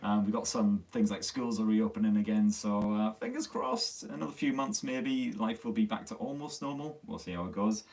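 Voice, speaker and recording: In a lowish, gravelly, darkish voice with big pitch swings, a Sunderland man with a Northern English accent hosts a live tech stream at a moderate pace with few pauses. He swears freely and pokes fun at himself, his voice a bit worn from slightly losing it, recorded on a distant phone-stream mic.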